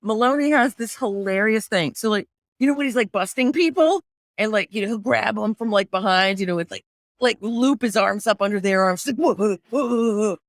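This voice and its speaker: A woman hosting a podcast in casual, animated, jokey chat. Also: medium pitch, brisk, dry recording, clean studio sound. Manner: animated, jokey, slips into playful accents. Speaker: podcast host.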